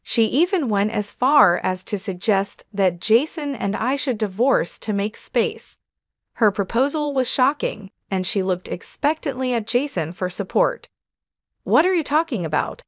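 A woman narrates a scripted first-person story in a steady, measured way. Her voice sits at a middle pitch and sounds dry and close, with no room echo.

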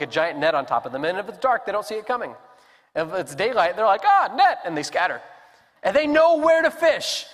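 A man preaching a sermon as pastor, telling the story with animated voices for the characters. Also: high-pitched. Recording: long hall reverb.

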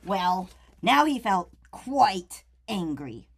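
A woman reading a picture book aloud to children, playful and animated, turning to the kids with questions as she goes. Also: medium pitch, drawn-out words, gravelly, slight background noise. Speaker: storyteller.

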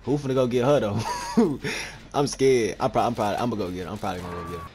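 A young man giving live gameplay commentary, excitable and trash-talking, repeating phrases quickly as he plays. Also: lowish voice. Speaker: gaming video creator. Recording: steady clear background noise.

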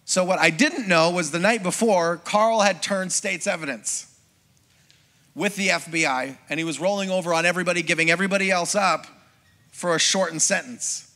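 A middle-aged man, a pastor, preaching a sermon as a lively personal testimony and acting out the voices of people in his story. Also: sits high, normal speed. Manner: storytelling, acts out quoted voices, conversational with congregation.

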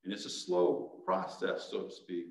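A man's voice: sits low, measured pace. A male pastor preaching a sermon in an earnest way that builds to urgent exhortation. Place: church sanctuary. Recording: echoey church sanctuary, mic at a distance.

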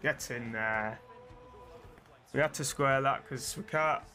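A young man commentating his own football video game match, muttering to his players and then yelling at them. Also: medium pitch, slow. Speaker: gaming streamer. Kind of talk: excitable gameplay commentary.

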